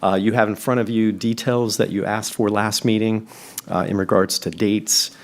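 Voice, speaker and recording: A man with a fairly low voice chairs a board meeting. He moves through motions and votes in a steady, procedural manner, with an occasional "uh". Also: normal speed. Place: public meeting chamber.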